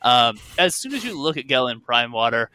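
Guy dm narrating, bright voice, lots of uhs and like, dry close mic. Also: medium pitch, very animated, brisk, no echo. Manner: loose, filler-heavy narration with frequent restarts. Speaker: game master. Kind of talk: narrating a tabletop game.

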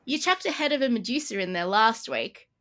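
A woman's voice: a little high, lively intonation, brisk, pushed and bright, slight background noise. A woman co-hosting a casual tabletop-game podcast, rambling and laughing often. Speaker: podcast co-host. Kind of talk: casual chat.

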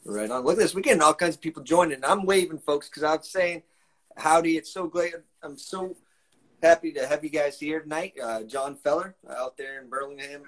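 A man's voice: a little high, normal speed, a bit bright. Folksy upbeat male stream host. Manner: folksy and upbeat, greets viewers by name. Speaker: live stream music show host. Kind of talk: casual chat. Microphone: live stream mic.

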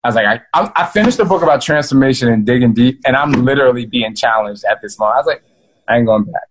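Animated male guest author, mid-pitch, chatty storytelling, talks right to the listeners. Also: fast talker, low-quality recording. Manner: animated, addresses listeners as "y'all". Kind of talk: casual storytelling to an audience.

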